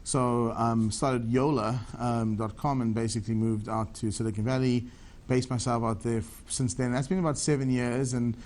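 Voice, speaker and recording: A man's voice: mid-range voice, fairly even intonation, normal speed, a little mellow. A South African man in his thirties, a tech entrepreneur giving eager, rambling answers in a TV business interview.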